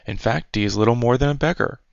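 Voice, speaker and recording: A man's voice: mid-range voice, fast, creaky, clean tone, no echo, pitched above the performer's own voice, close to an everyday voice. A man voicing a pompous, self-important male town mayor with a fussy manner. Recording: dry, dull lo-fi recording.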